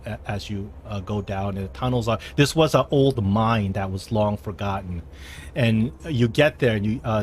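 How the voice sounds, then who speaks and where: A man narrating as game master of a tabletop game, halting with many restarts and fillers. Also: lowish voice, a little hiss or hum.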